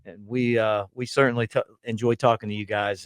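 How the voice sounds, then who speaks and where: A man's voice: on the low side, level tone, brisk, hardly any pauses, clean tone, dry recording, clean studio sound. A middle-aged man hosting a sports podcast in a laid-back, chatty way, laughing often. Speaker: podcast host. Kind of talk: casual sports podcast chat.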